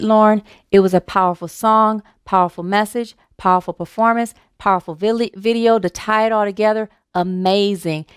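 Smooth-voiced woman preaching a sermon. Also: mid-range voice, no echo, clean studio sound. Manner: warm, animated, laughs easily, repeats words. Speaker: minister. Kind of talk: sermon with a humorous story.

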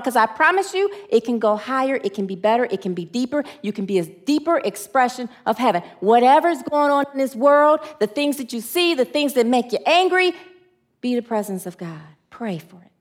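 A woman giving a personal testimony sermon, emotional, swinging from excited high lines to hushed low ones, and preaching to her listeners. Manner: preachy, asks audience to answer. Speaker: spiritual speaker.

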